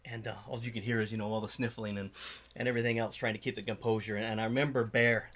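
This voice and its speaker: A middle-aged man who founded a charity, telling an emotional story in an interview, halting with frequent fillers and restarts. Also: lowish voice, level tone, fairly bright tone.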